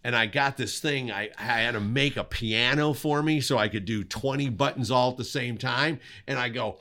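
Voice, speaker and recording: A man co-hosting a podcast, telling a work story in an animated way and acting out the sounds. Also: mid-range voice, moderate pace, few pauses. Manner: animated, makes sound effects while telling stories. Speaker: co-host, cinematographer. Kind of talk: casual storytelling.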